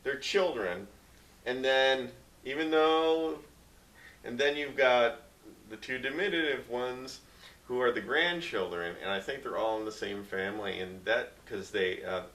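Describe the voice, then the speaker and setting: A man co-hosting a film review chat, rambling and thinking out loud as he talks. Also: medium pitch, unhurried. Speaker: film review podcast co-host. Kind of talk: casual chat. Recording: echoey room, distant mic.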